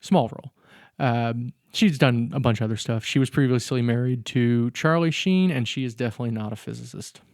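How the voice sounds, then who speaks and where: A man's voice: mid-range voice, fairly quick, darkish tone, no echo, clean studio sound. A man co-hosting a podcast, casually recapping a film's plot step by step with fillers. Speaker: podcast co-host. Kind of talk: casual chat recapping a film.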